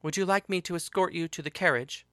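A courteous young soldier on guard duty speaks formally and politely, as a male storyteller reads him. The voice sits a little high and sounds bright, in a dry, close recording. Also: fast talker, smooth, no room sound.

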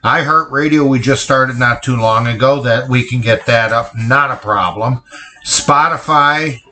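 A man's voice: mid-range voice, measured pace, sharp tone, echoey room. A man co-hosting a casual podcast, joking around with crude banter. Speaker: podcast co-host. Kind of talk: casual chat.

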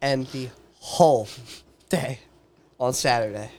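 A man's voice: mid-range voice, slow pace, darkish tone. A young man telling a rowdy story in casual chat, swearing and laughing and acting out the people he quotes. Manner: profane, laughing, acts out quoted voices.

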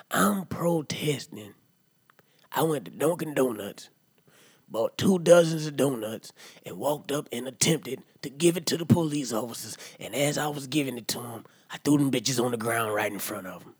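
A rowdy drunk uncle holds forth with a husky, breathy voice, as a man puts him on. He rants and swears loudly, then sinks into low asides in a comic monologue. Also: dry recording, close to an everyday voice. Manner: loud profane rant, swings to low mutters. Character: rowdy drunk middle-aged uncle ranting. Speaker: comedy podcast character. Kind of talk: comedic monologue.

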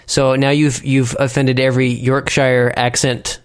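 A man's voice: mid-range voice, flat delivery, a little slow, smooth. A man hosting a church tech podcast, chatting and teasing his co-hosts in casual banter. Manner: joking, teasing. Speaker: podcast host.

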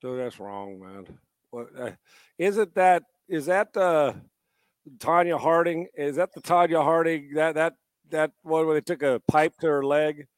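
A middle-aged man hosting a sports talk show, loud and joking, telling stories with put-on voices. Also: a little high, a little slow, dry recording, clean studio sound. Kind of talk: casual podcast banter.

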